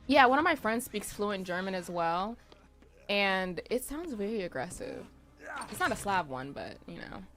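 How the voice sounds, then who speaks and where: A young adult woman streaming a game, chatting casually with her viewers in animated, profane, slangy banter. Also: mid-range voice. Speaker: gaming streamer. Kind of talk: casual livestream chat while gaming.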